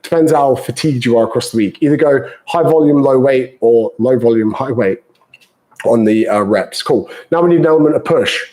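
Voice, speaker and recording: A man's voice: medium pitch, a little fast, darkish tone, poor audio. A British man, a fitness coach, answering viewer questions live in a chatty, banter-filled way and calling people mate.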